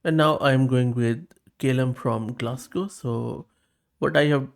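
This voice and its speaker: A man hosting a tech video, walking through a demo in a relaxed, chatty way. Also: medium pitch, unhurried, vocal fry. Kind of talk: casual screen walkthrough.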